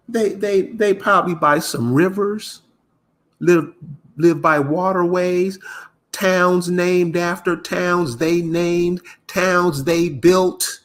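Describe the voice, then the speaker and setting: A man's voice: high-pitched, fairly even intonation, takes it slowly. Exasperated man ranting to camera. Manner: exasperated, preachy, repeats and restarts words. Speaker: commentator. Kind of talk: casual rant to camera.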